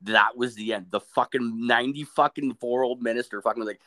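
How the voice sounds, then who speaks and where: In casual chat, a young man with a mid-range voice talks a little fast as he tells a crude story. He swears constantly and acts out what people said, quoting them in funny voices with a profane, animated manner.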